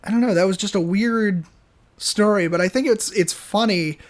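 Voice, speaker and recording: A young adult man co-hosting a podcast, telling a story in an animated, casual way full of fillers and restarts. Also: sits high, moderate pace. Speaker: podcast co-host.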